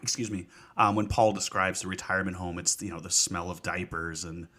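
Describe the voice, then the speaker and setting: Bright-toned, teasing man podcaster. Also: sits low, fairly even intonation. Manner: teasing, joking, with halting restarts. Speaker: podcast co-host. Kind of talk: casual book discussion.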